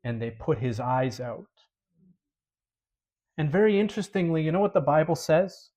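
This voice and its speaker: Male preacher, dramatic sermon storytelling, fairly high voice, loud to hushed. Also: lively intonation, normal speed.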